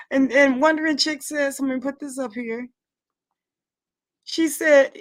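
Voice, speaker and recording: A woman's voice: high voice, fairly even intonation, unhurried, pauses often. A woman hosting a casual livestream, gushing and effusive as she reads out the chat. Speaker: show host.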